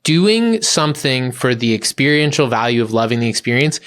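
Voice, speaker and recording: A man's voice: medium pitch, big pitch swings, moderate pace, fairly bright tone, smooth. Reflective male podcast host. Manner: reflective, searching, with many fillers. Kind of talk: casual podcast conversation.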